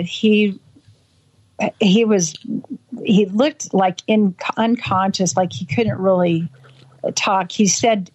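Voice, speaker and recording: A woman interviewed about a childhood memory, talking in halting bursts with many restarts and acting out the voices she quotes. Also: mid-range voice, a little mellow. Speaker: interview guest. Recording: dull lo-fi audio.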